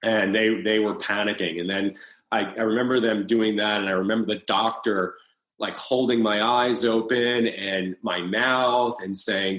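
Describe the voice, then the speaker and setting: A man in his thirties, an interview guest, telling a personal story in a halting way with frequent restarts. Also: fairly low pitch, a bit bright. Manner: halting, with many restarts and fillers. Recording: roomy echo.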